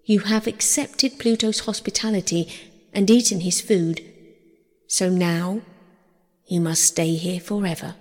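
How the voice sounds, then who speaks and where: A stern messenger god who sounds urgent and commanding, as a woman storyteller gives him voice. His lines come out brisk, with a long hall echo behind them. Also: lowish voice, steady tone, darkish tone.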